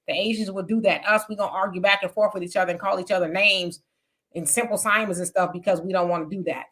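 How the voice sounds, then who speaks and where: A woman's voice: mid-range voice, fairly even intonation, fast talker, sharp tone. A woman hosts a casual live-stream chat, reading viewer comments and answering them candidly. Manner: candid, conversational, reads comments aloud with asides. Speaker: live show host.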